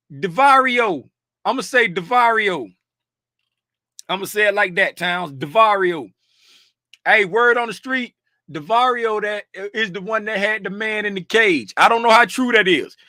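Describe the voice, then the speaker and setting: Male livestream host from Florida, high bright voice, animated and casual. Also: normal speed, dry recording, studio quality. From Fort Lauderdale, Florida. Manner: animated, greets chat by name, bursts of laughter and shouting. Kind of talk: casual livestream chat with viewers.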